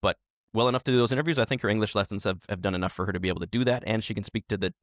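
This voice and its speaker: Podcast guy, lower voice, rambles while he thinks it through, dry sound. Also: very fast, dry recording. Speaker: podcast co-host. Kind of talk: casual chat.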